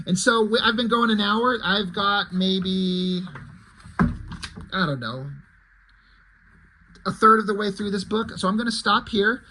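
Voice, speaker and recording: A man's voice: high voice, sharp tone, poor audio. A man casually walking through the pages of his own fan comic, retelling it in a loose, rambling way with many self-corrections.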